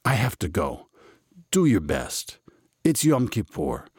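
A man's voice: fairly low pitch, wildly swooping pitch, slow pace, a little mellow, slightly rough, dry recording, clean studio sound, exaggerated voice. A man voicing an exasperated, bossy master baker in a storybook reading, talking in an insistent, emphatic way.

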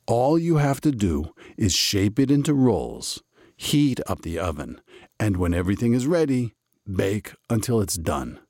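A man's voice: fairly low pitch, big pitch swings, measured pace, darkish tone, dry recording, studio quality. A man voicing an exasperated, bossy master baker in a storybook reading, talking in an insistent, emphatic way.

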